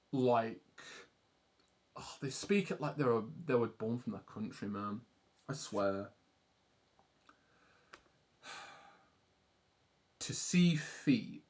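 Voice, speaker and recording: A young man with an English accent, chatting casually and rambling on a livestream while he draws, self-deprecating and swearing now and then. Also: medium pitch. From England. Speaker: art streamer.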